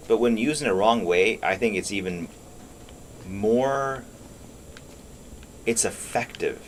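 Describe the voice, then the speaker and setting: Low-voiced man musing while gaming. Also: slight background noise. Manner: musing, profane, trails off into thought. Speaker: gaming streamer. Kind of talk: rambling commentary while gaming.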